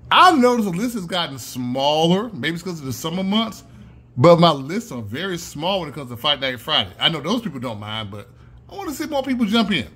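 Scratching lottery tickets on his own channel, a man chats casually and calls out the numbers in a sing-song chant. His voice sits high, sharp and husky.

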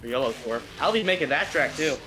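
A man co-hosting a live gameplay stream, chatty, scoring runs and pitching ideas. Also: lively intonation, quick pace. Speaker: stream co-host and track builder. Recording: noisy home mic.

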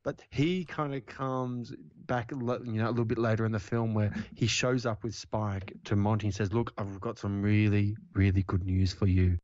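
A man's voice: fairly low pitch, a little mellow, dry recording. A man co-hosting a casual film podcast, rambling as he retells scenes with many fillers. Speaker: podcast co-host. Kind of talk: casual film-review chat. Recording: dull dry lo-fi audio.

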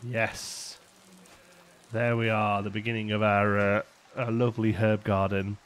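A man's voice: fairly low pitch, moderate pace. A man casually commentating a city-building game as he plays, chatty and rambling, laughing often and thinking aloud. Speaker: let's play host.

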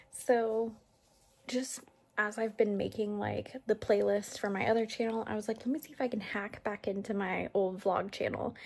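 A woman's voice: mid-range voice, gravelly, a little mellow, husky. A young woman chatting casually and easily to camera at home, laughing now and then as she vlogs. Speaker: vlogger. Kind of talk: casual vlog chat. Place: home kitchen.

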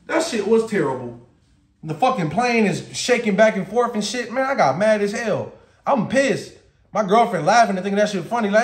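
A man with a voice high for a man tells a storytime vlog tale as a profane, animated rant, often breaking into laughter. He speaks at a moderate pace in an echoey, roomy space.

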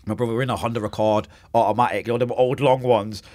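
A man's voice: medium pitch, steady tone, fast, a little mellow, no echo. A man with a Manchester accent, a podcast guest telling his story in a casual interview, acting out quotes and sound effects, with street slang. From Manchester, England. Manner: vivid storyteller, acts out quotes and makes gunshot sounds; street slang, swears oaths.

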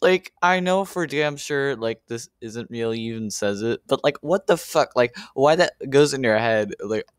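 A man's voice: mid-range voice, moderate pace, hardly any pauses, smooth, dry recording, clean studio sound. A man giving profane reaction commentary on a video, exasperated and rambling, with stammers.

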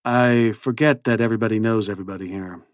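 A man voicing a friendly off-duty male priest in an easygoing, gently amused way. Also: fairly low pitch, fairly even intonation, quick pace, dry recording, clean studio sound, close to an everyday voice. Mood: genial.

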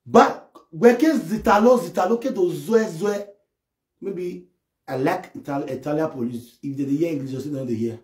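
A man doing a comic live-stream rant, excitable and mocking as he acts out imagined scenes. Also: a little high, moderate pace. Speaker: comedy live video host. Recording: echoey room.

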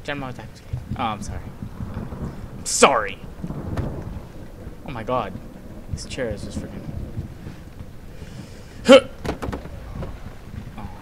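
A man's voice: on the low side, fast, noisy background. A young man commenting as he plays a horror game, easily scared, given to sudden shrieks and nervous laughter. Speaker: gamer narrating his play.

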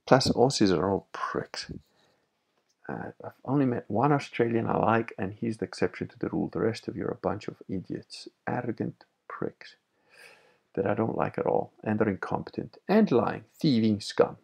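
A man's voice: on the low side, vocal fry, darkish tone, breathy edge. A man hosting a livestream, reading chat messages aloud and answering them bluntly with frequent laughs. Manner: blunt, opinionated, laughs often.

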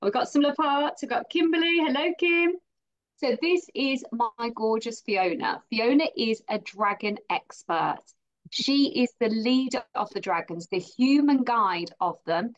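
A woman's voice: a little high, measured pace, lo-fi sound. A woman hosting a live stream, bubbly and effusive as she greets viewers and introduces her guest. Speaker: host.

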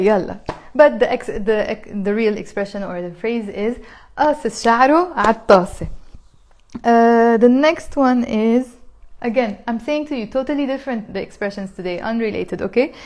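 A Lebanese woman teaching a live online lesson, chatty and repeating each phrase slowly for learners. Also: fairly high pitch, a little mellow. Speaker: Arabic teacher.

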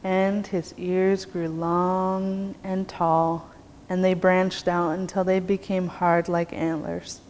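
A woman teacher telling a traditional story in a slow, measured, rhythmic way. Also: lowish voice, flat delivery, a little mellow. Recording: long reverb, faint background noise.

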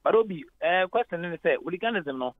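A man's voice: high voice, animated, fast talker, dry recording. A man with a Ghanaian accent, a head of sport calling in to a radio show, explaining at length and mixing English into Twi. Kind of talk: phone-in sports analysis. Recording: tinny phone line.

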